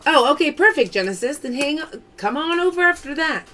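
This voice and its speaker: A woman's voice: sits high, expressive, a little fast, pushed and bright. A woman hosting a live-streamed pearl sale, chatting casually, greeting viewers by name and reading out their comments. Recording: clear background noise.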